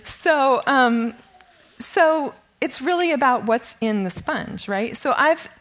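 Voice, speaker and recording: A woman's voice: high-pitched, lively intonation, takes it slowly. Chatty woman teaching a Bible study. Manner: chatty, self-deprecating, laughs often. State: shaky from nerves. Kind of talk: informal teaching talk.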